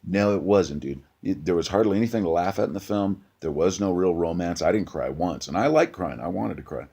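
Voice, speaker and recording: A man with a very low, husky voice rants casually about a movie, blunt and profane. He stumbles through restarts and keeps coming back to "dude.". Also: fairly quick, warm tone. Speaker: movie reviewer. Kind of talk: casual rant.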